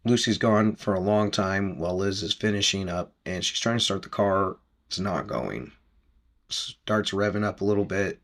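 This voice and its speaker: A man's voice: sits low, moderate pace. A man hosting a podcast, casually recapping a book chapter in a rambling, chatty way with easy laughs.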